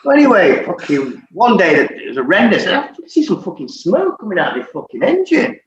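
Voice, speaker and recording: A man's voice: high-pitched, wildly swooping pitch, brisk. A man in his forties, a former footballer and podcast guest, telling stories in a casual chat, swearing constantly and laughing through his anecdotes. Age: 40s. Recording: roomy, muffled recording with faint hiss.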